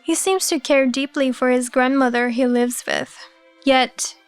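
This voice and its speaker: A woman's voice: high-pitched, fairly even intonation, unhurried, clear, resonant tone, no echo, soft background music. A woman reading a firm seventy-year-old executive. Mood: stern. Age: 70s. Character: stern elderly male company chief, about seventy.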